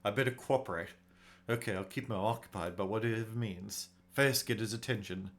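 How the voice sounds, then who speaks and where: A man hosting a let's play, musing aloud and reading game text in a low-key way. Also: brisk, fairly bright tone. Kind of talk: casual game playthrough commentary.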